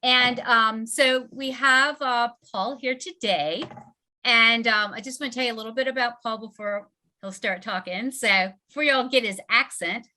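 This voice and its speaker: A woman's voice: a little high, normal speed, pushed and bright. A woman with a Southern US accent hosting a casual book club webinar, chatty and full of fillers. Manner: chatty, filler-heavy, laughing often. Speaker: host.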